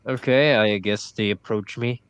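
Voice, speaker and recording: A man's voice: lowish voice, steady tone, measured pace, fairly bright tone, clear, resonant tone. A man playing a tabletop game, talking in a hesitant, dry, understated way. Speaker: player. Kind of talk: casual tabletop game play.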